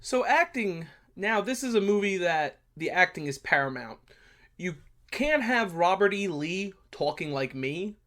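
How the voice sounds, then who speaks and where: A man's voice: sits high, very animated, a little slow, a bit bright. A man with a blunt New York accent, hosting a history channel and casually talking through a movie review. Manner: blunt, brash, chatty with many fillers.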